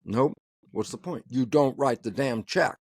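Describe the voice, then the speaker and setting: A man's voice: medium pitch, measured pace, breathy edge, dry recording, clean studio sound. A man speaking as an interview guest and biologist, talking emphatically and often laughing mid-sentence. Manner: emphatic, acts out both sides of dialogues. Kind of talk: animated conversational interview talk.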